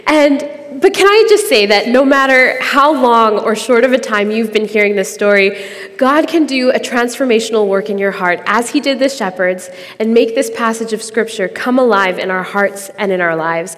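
A woman's voice: mid-range voice, in a large hall. A young adult woman hosting a podcast, giving an earnest, conversational devotional reflection and laughing easily.

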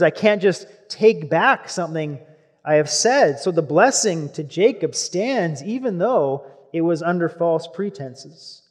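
A man with a noticeably high voice delivering a sermon, moving between scripture reading and easygoing explanation. His voice trails off into a long reverb, as if he is speaking in a large hall. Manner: reads scripture aloud, then explains it in relaxed asides.

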